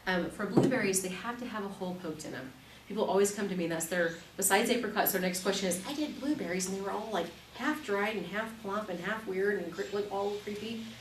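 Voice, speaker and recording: A woman in her thirties teaching an evening class, chatty and animated, telling stories with quick laughs. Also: mid-range voice. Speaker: class instructor. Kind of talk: live classroom demonstration. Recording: echoey room, distant mic, faint noise.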